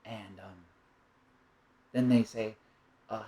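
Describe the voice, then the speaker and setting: A man's voice: fairly low pitch, steady tone, slow pace, pauses often, mellow, poor audio. A man giving a reflective spoken monologue, rambling and musing, often checking in with "right?". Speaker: monologue speaker.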